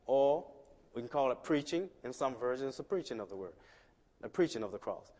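A man preaching a sermon as pastor, conversational with restarts, swinging from quiet asides to loud emphatic lines. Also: mid-range voice, lively intonation, a little fast. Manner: conversational, many restarts and "you know". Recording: long hall reverb.

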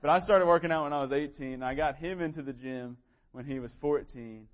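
A man in his twenties, his voice a little high and fairly quick, preaches a sermon in a church sanctuary. He reads scripture and tells stories with earnest, self-deprecating humor. The highs in the recording are cut off.

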